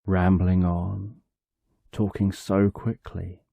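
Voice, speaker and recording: A man narrates a bedtime story for sleep in a calm, unhurried way, pausing at length between short phrases. His voice sits low and very dark, with an unhurried pace. The recording is dry and a little dull. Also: vocal fry, no room sound. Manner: calm, drawn out, short phrases with long pauses.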